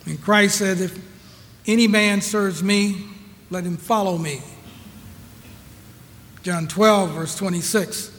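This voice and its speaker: Slow high-voiced man preaching. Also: fairly even intonation, a bit bright. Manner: slow, emphatic preaching with repeated rhetorical questions. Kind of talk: sermon. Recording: long reverberant hall.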